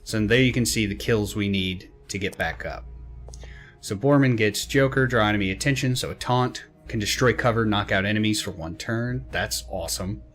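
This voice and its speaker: A man running a casual let's play, reading menu text aloud and tossing in quick, chatty reactions. His voice sits a little low. Soft game music plays faintly behind him. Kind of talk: casual gameplay commentary.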